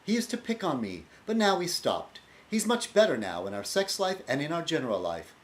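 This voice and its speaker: A prim, plaintive wife who complains about her husband, as a man puts her on in a voice far higher than his own. Her lines keep a fussy, put-upon lilt. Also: very animated, fairly quick. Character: complaining wife of a big athlete.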